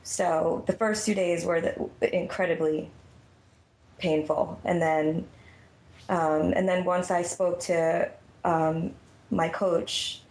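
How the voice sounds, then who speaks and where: Nervous, gravelly woman caller in an echoey room. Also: fairly low pitch, steady tone, darkish tone. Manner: halting, repeats words. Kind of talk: emotional phone conversation. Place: lying down at home.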